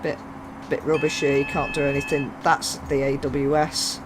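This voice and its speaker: A man chatting through a train game in a loose, joking, self-mocking way. His voice sits a little high. Faint game sounds run underneath. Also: level tone, normal speed, noisy background. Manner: rambling, jokey, self-mocking. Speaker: gaming YouTuber. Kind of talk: casual gameplay commentary.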